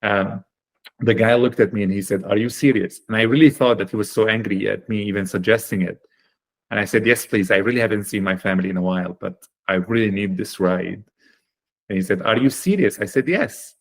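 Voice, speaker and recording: A man guesting on a podcast interview, telling his story in an earnest, animated way with plenty of fillers. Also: lowish voice, a little fast, gravelly. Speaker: guest, chocolate company founder.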